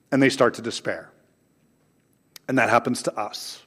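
A man preaching a sermon to his congregation, swinging between raised, emphatic lines and soft, low asides. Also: fairly even intonation, moderate pace, husky. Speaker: pastor. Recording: long hall reverb.

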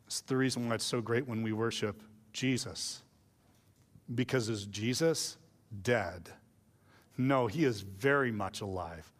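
A man's voice: lowish voice, measured pace, pauses often, in a large hall. A male pastor preaching a sermon in a casual, joking storytelling way.

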